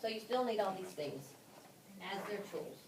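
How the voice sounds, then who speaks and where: A woman leading a phonics workshop for teachers, spelling letters out slowly with frequent ums and restarts. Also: mid-range voice, lively intonation. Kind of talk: classroom-style instruction to fellow teachers. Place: classroom. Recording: roomy, distant and noisy classroom recording.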